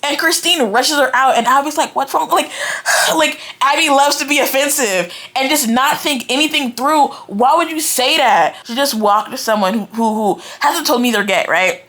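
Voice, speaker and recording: A young woman giving a casual, animated book reaction, ranting in exasperation and filling her talk with "like" and "right?". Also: high-pitched, moderate pace. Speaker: book reviewer. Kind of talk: casual reading-reaction rant.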